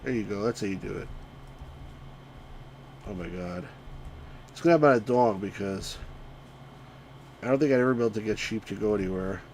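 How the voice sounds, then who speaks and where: A man streams a retro game and talks through it as he plays, getting worked up and yelling at the sheep on screen. His voice is gravelly and lively, rising and falling a lot. A faint hiss sits under the sound. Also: on the low side, fairly quick, pauses often. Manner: excitable, yells at on-screen sheep, greets chat viewers. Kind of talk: live let's-play commentary.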